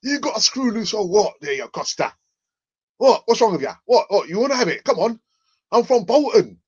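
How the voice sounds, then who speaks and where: A man's voice: high voice, sing-song, unhurried, darkish tone, slightly rough, voice pushed up, exaggerated voice. A man voicing a riled-up young male footballer who taunts and challenges an opponent, heard through muffled lo-fi audio.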